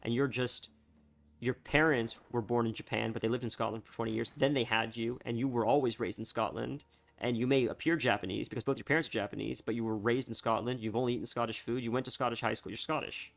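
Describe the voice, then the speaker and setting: A young man chatting casually on a live stream, rambling and halting, full of fillers and restarts. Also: mid-range voice, fairly even intonation, gravelly.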